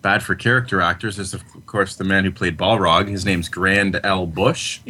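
A man's voice: sits low, fairly even intonation, normal speed, sharp tone, husky. A man co-hosting a casual podcast chat, joking in a wry way. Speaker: podcast co-host.

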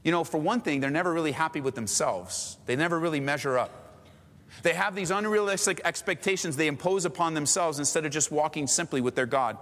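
A man's voice: a little high, fairly quick, a bit bright, long reverb tail. A man preaching a sermon in a conversational way, acting out little scenes as he goes. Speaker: pastor.

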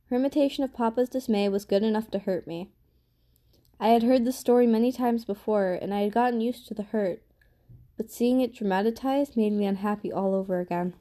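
A woman narrating a first-person novel as an audiobook, with an even, measured reading. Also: medium pitch.

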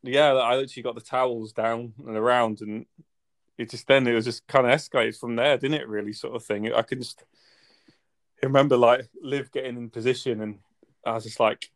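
A man, a podcast guest telling his side in casual chat, loose and quick with "sort of thing". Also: medium pitch, fairly even intonation. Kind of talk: casual storytelling.

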